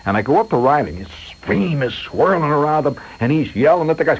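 Animated male radio storyteller. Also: medium pitch, moderate pace, slightly rough. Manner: animated, rambling, vivid. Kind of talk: spoken storytelling monologue. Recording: dull radio recording, faint hiss.

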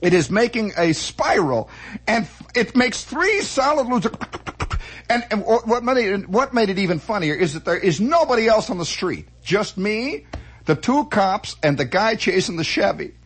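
Male comic monologist, high voice with a husky edge, animated delivery full of sound effects. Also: moderate pace. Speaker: storyteller.

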